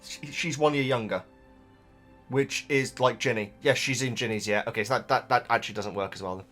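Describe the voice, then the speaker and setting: A man's voice: mid-range voice, fairly quick, a bit bright, soft background music. A man who hosts, chatting casually as he reads out viewer comments, rambling, stopping himself and laughing often. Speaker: host reading viewer comments. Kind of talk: casual chat to camera.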